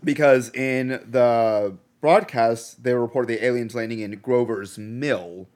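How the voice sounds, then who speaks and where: This man is co-hosting a relaxed movie-review chat with friends. He retells scenes with animated delivery, and his voice sits at an average pitch. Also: takes it slowly. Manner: animated storyteller, acts out scenes. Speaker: podcast co-host.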